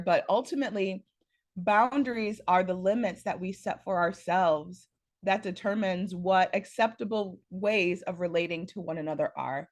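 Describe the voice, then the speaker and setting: A woman facilitating an online workshop with a slightly hoarse morning voice, speaking in a playful, animated way. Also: moderate pace. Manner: animated, playful, varies pitch and loudness a lot. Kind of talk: informal presentation. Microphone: video call.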